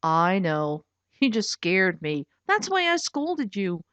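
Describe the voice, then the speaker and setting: A woman's voice: mid-range voice, sing-song, takes it slowly, a bit bright, no echo, voice pushed down. A woman voicing a cautious young boy who talks firmly and urgently. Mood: scolding. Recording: dull lo-fi recording.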